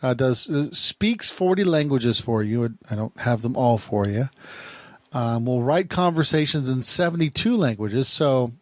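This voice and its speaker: In an animated, unhurried, mid-range voice, a man who works as a private investigator gives a casual talking-head review of phone apps. He rambles, repeats words, and restarts sentences, and the recording is dry.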